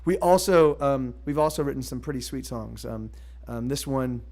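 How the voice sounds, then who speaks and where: A musician streaming live, talking casually and hesitantly between songs with many fillers and restarts. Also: male voice, mid-range voice, moderate pace, a little mellow.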